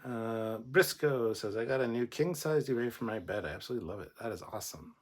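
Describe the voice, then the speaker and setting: A man's voice: medium pitch, animated, fairly quick. A man hosting a livestream, chatting casually and joking as he reads viewer comments aloud. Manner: joking, chatty, rambling with restarts. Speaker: livestream host.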